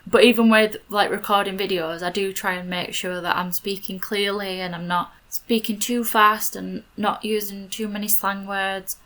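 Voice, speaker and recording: A woman's voice: medium pitch, fairly even intonation, normal speed, fairly bright tone. A woman in her twenties with a Yorkshire accent, chatting casually over a game build video, rambling with lots of "like" fillers. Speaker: video creator.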